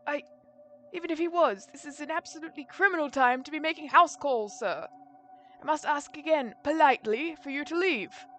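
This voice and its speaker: A woman voicing a crabby old male butler who scolds loudly and indignantly. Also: sits high, a little fast, faint music behind, voice pushed up.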